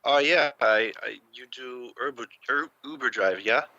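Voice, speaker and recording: A man's voice: mid-range voice, measured pace, sharp tone, highs cut off. A man playing a hesitant male tourist who stammers, repeats words and fumbles his phrasing. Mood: eager, fumbling.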